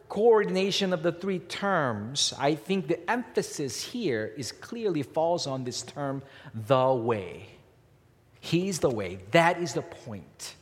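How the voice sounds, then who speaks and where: A man preaching a sermon, emphatic and repetitive, his pitch rising and falling as he drives points home. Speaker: pastor. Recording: long hall reverb.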